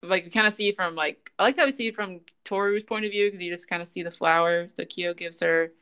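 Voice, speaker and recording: A woman hosting a casual podcast, retelling scenes in an animated way and laughing often. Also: fairly low pitch, fairly quick, clear, resonant tone. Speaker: podcast host. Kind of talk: casual chat, recapping an anime.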